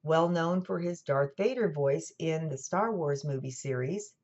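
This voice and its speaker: A woman with a General American accent, giving a scripted lecture in a clear, measured way with dry asides. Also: low voice, darkish tone. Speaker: college lecturer. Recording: dull lo-fi recording.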